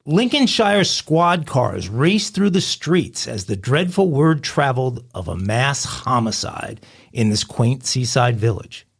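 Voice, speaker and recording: A man's voice: mid-range voice, big pitch swings, unhurried, gravelly, slightly rough. A man co-hosting a crime podcast, reading a funny news story in a mock-dramatic storytelling way. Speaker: podcast co-host.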